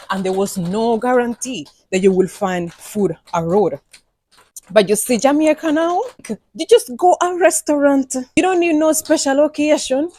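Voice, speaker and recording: Woman, mellow dry voice, casual English with Patois phrases. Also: mid-range voice, no echo. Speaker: immigrant sharing experiences. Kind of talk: casual talk to camera.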